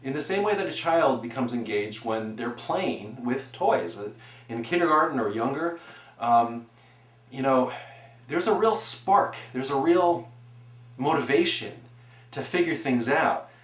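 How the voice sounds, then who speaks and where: A man in his forties giving an earnest, animated presentation on education, building his points with examples. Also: medium pitch, a little slow. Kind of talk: explanatory presentation. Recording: echoey room.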